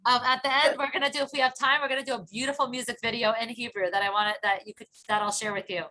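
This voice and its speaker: A woman teaching a small online class over a video call. She talks in a bright, slightly high voice, repeating phrases patiently and laughing often. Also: flat delivery, rapid-fire, slight background noise. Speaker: Hebrew teacher.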